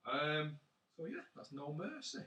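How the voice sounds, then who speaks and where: Cheeky, sweary podcast co-host. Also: male voice, on the high side, sing-song, a little slow, bright, forceful tone. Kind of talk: casual chat. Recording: echoey room, distant mic, faint hiss.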